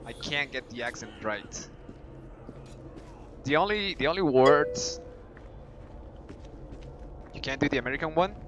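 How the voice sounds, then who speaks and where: A man's voice: mid-range voice, expressive, unhurried, long pauses, a bit bright, slight background noise, rough recording. Chatty man with a heavy Spanish accent. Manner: chatty, thinking aloud with restarts. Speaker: gaming streamer. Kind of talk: casual gameplay chat. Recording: game music behind the voice. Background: game music.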